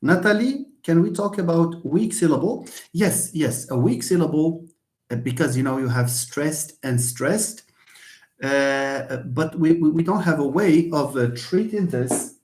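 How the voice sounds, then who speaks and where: Slow, halting male lecturer. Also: fairly high pitch, animated, a little mellow, roomy sound. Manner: slow, halting, thinks aloud with many restarts. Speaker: linguistics lecturer. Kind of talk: online class lecture.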